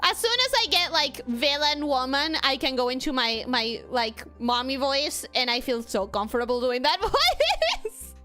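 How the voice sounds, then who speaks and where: A young woman streaming a game, chatting casually and reading chat, animated and quick to squeal and laugh. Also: sits high, faint music behind. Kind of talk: casual gameplay commentary.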